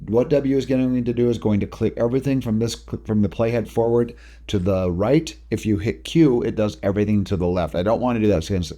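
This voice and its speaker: A man talking through video editing steps in a casual software tutorial, explaining each click as he goes. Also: low-pitched. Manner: casual, talks through each step while working. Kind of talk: screen-recorded software tutorial.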